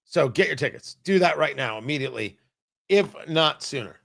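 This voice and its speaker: A man hosting a talk radio show, giving emphatic, animated commentary. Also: a little high, moderate pace, creaky. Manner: animated, emphatic, mocking impressions. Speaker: radio host.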